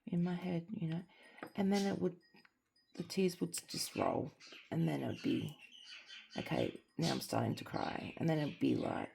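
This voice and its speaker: Gravelly low-voiced Australian woman. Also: big pitch swings, moderate pace, slight background noise. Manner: rambling, candid, drifting into soft near-whispers. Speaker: crafting vlogger. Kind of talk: casual chat while crafting.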